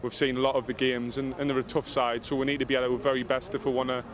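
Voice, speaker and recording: A footballer from Sunderland with a Mackem accent, speaking matter-of-factly in a press interview. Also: male voice, mid-range voice, flat delivery, fast talker, a crowd in the background. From Sunderland, England.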